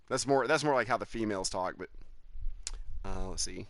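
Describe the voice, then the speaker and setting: A man's voice: lowish voice, moderate pace, creaky, dry recording. A man with a Southern American accent chatting casually with viewers while streaming a racing game, joking and reading the chat aloud. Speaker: gaming streamer.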